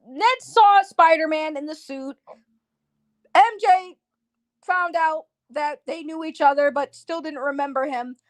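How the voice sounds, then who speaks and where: Young female vlogger, high-pitched and excitable, casual slangy spoiler-review delivery. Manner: excitable, slangy, swears freely. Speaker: movie reviewer.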